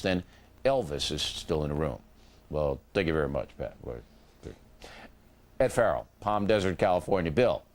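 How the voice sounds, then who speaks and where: A man with a low voice and a lively, swinging pitch hosts a cable news program. He reads viewer letters on air and answers them with clipped, dry comebacks. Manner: reads letters aloud, then answers with curt dry retorts. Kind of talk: reading viewer mail on air.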